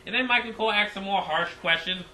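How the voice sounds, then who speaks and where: A man reviewing a wrestling show in casual recap style, excitable and rambling, repeating himself. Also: high voice, fast, roomy sound, low-quality recording.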